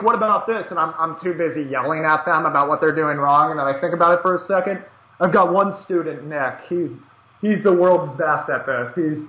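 A man with a high voice hosts a poker podcast and coaches players as he talks. He is emphatic, repeats words as he gets going and plays out quick bits of dialogue. The audio is roomy and a little dull. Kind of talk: animated podcast chat.

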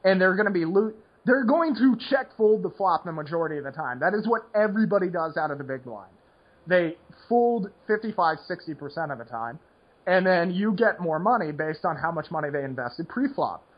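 A man's voice: high-pitched, animated, fairly quick, slightly rough, highs cut off. A man hosting a poker podcast, rambling casually with lots of "like" and restarts. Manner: rambling, heavy use of "like" and restarts.

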